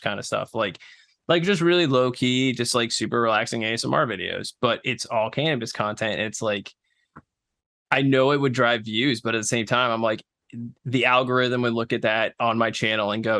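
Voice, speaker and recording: A man guesting on a podcast, talking in a relaxed, explanatory way with plenty of fillers. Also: lowish voice, moderate pace, no echo, clean studio sound. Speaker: podcast guest, ASMR creator. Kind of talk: casual podcast chat.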